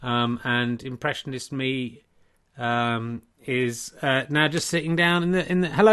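A man's voice: medium pitch, fairly even intonation, normal speed, few pauses, a bit bright, smooth. A middle-aged man hosting a comic solo podcast, rambling and self-mocking, with many restarts. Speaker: podcast host and comedian.

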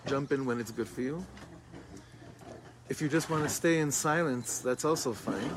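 A middle-aged man, a rabbi, gently leading a guided meditation outdoors and chanting a melody, speaking in a halting way as he searches for words. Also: medium pitch, background noise. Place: outdoors among greenery with birds. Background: birdsong and music.

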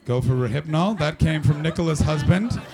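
A man from Canada doing stand-up crowd work on a club stage, brash and profane, mocking the audience with quick banter. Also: fairly high pitch, noisy background. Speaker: stand-up comedian. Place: comedy club stage before a live audience. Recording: live club with loud crowd. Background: audience laughter.

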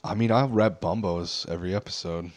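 A man with a lowish voice chats as a podcast co-host. He speaks quietly and throws in deadpan asides. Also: a little fast. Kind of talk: casual chat.

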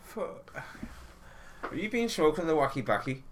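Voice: mid-range voice, sing-song, normal speed, a little hiss or hum. A podcast co-host, dry and blunt in a casual film-review chat, swearing freely.

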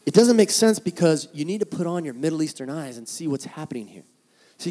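A man preaching from the pulpit, his voice sitting a little on the higher side for a man. He tells stories with real animation, swinging between soft, tender lines and sudden loud bursts as he acts out the people he quotes. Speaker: pastor. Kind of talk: sermon.

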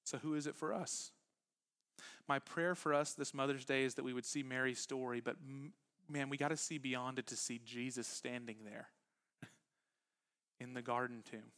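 Conversational pastor preaching warmly. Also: male voice, mid-range voice, moderate pace, long pauses. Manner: conversational preaching that moves between quiet, intimate lines and animated bursts. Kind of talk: sermon. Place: church sanctuary with live congregation.

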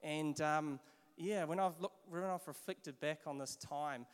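A man in his forties with a New Zealand accent, preaching a sermon and telling stories in an animated way, with repeated restarts. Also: fairly high pitch, a little slow, clear, resonant tone. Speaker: pastor. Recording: long hall reverb.

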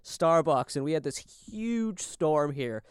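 A man from Minnesota tells a story on a podcast in a high, lively voice that leaps around as he acts out the people in it. The sound is dry and close, with no room around it. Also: slow pace, smooth, dry recording. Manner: animated storytelling, acting out quoted voices. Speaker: podcast co-host. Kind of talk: casual podcast chat.

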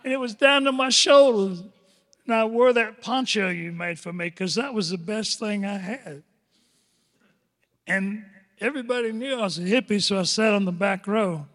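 An older man preaching a sermon as pastor, dramatic, stretching words out and swinging from loud declarations to hushed asides. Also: high-pitched, normal speed. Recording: long echoing hall reverb.

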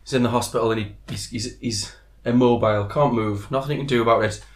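Echoey joke-telling man, mid pitch. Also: quick pace. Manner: animated joke teller who laughs at his own punchlines. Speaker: podcast co-host. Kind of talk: casual chat, telling jokes.

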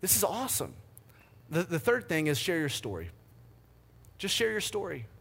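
A man in his thirties preaching a sermon, energetic and fired up, telling stories with big swings in his voice. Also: fairly high pitch, moderate pace, creaky, husky. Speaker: pastor.

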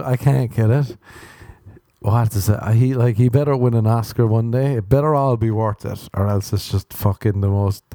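A man's voice: on the low side, warm tone, no room sound. Irish male comedian, young, sweary self-mocking rants, dry close mic. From Ireland. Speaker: stand-up comedian. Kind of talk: casual comic monologue.

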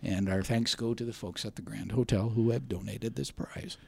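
A man's voice: on the low side, fairly even intonation, moderate pace, vocal fry, warm tone. A man talking casually as a guest, hesitant with many fillers and a joking streak. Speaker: arts center guest. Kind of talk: casual radio talk.

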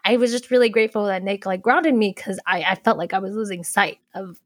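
A woman's voice: medium pitch, a little fast, no room sound, clean studio sound. A young woman who volunteered on a campaign, chatting casually and rambling with lots of filler words. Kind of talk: casual chat.

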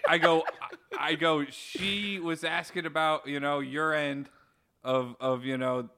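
A man co-hosting a podcast, retelling a story in an excitable way, his voice jumping up for quotes. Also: on the high side, slow, smooth. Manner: excitable, voice jumps up when retelling. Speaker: podcast co-host. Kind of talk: casual storytelling chat.

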